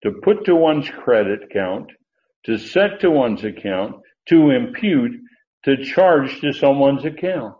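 A man's voice: medium pitch, lively intonation, measured pace. A man teaching a Bible study lecture, explaining Greek grammar with asides and self-corrections. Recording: dull lo-fi recording.

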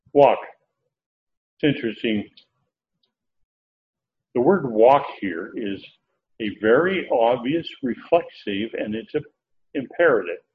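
A man teaching through Bible verses word by word, pausing often with filler sounds as he explains. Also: mid-range voice. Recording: dull lo-fi recording with faint background noise.

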